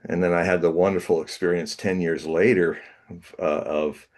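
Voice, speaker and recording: Low-voiced man telling a lively anecdote. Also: normal speed. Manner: animated anecdote-telling with laughs and restarts. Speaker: guest. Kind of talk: casual interview storytelling.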